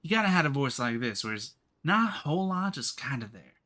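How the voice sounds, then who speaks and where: A man's voice: medium pitch, sing-song, fairly quick, bright, forceful tone. An American man with a slight rural twang, streaming a game and chatting casually in a rambling way. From United States. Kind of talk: casual gaming commentary.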